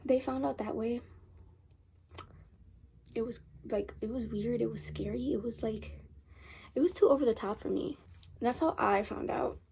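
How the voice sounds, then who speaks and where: A woman's voice: on the high side, moderate pace, gravelly, pauses often, darkish tone, slight background noise. A teenage girl chatting casually in a rambling storytime vlog, repeating herself as she goes. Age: teens. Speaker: vlogger. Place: bedroom at night.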